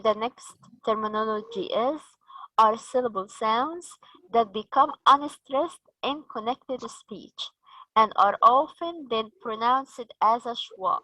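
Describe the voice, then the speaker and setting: Slow-speaking Egyptian woman trainer. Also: fairly high pitch, sharp tone, dry recording, rough recording. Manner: slow, explanatory, quizzes the audience. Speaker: teacher trainer. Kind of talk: training session lecture.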